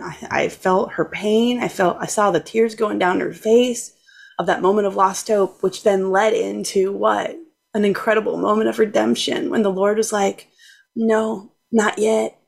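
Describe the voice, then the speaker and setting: A woman's voice: mid-range voice, vocal fry. A woman guest on a talk show, speaking in a heartfelt, effusive way about her faith. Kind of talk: emotional testimony.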